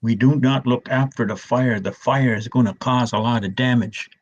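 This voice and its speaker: An older man, an elder telling stories in a gentle, slow way, often restarting his words, with a husky voice. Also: mid-range voice, fairly even intonation, muffled recording. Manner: soft, slow and repetitive, with many restarts. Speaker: elder storyteller. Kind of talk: gentle storytelling talk.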